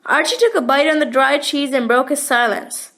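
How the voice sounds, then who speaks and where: High-voiced woman reading a children's story. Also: normal speed, fairly bright tone. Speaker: narrator.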